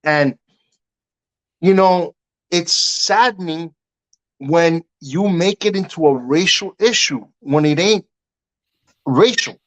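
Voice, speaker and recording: A middle-aged man tells stories in a relaxed interview, his voice sitting a little high. He gets animated and acts out the other voices in his stories, and he keeps checking in with "you know what I'm saying.". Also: takes it slowly, long pauses, low-quality recording. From Cuban heritage. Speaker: guest. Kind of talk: casual storytelling interview.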